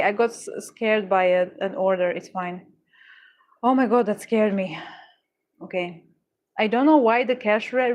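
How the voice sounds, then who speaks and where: Chatty woman streaming her craft work. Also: mid-range voice. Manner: chatty, easily startled, laughing, self-correcting. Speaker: crafting livestreamer. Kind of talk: casual chat while working.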